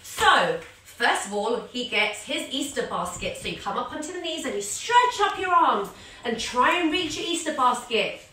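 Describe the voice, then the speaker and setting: A woman's voice: high-pitched, very animated, moderate pace, bright, forceful tone, distant mic, slight background noise. A woman teaching a children's yoga class, telling a story as she guides the poses, playful and sing-song with animal sounds. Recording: echoey room, voice a little off-mic.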